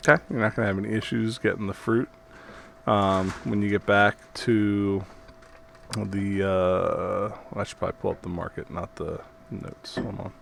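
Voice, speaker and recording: A man's voice: on the low side, fairly even intonation, moderate pace, creaky, a little hiss or hum. A man running a tabletop game as game master, narrating scenes and voicing townsfolk, often laughing.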